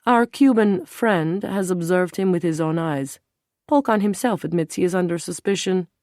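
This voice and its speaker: A woman voicing a gruff, menacing male Russian intelligence officer who talks in a blunt, snarling way in an audiobook. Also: on the low side, normal speed, warm tone, no room sound, clean studio sound, lightly acted. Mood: dismissive.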